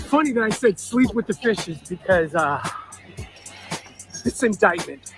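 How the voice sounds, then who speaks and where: A man's voice: high-pitched, lively intonation, unhurried, pauses often, music in the background. A man in a played social media clip, whooping and half-singing his taunts.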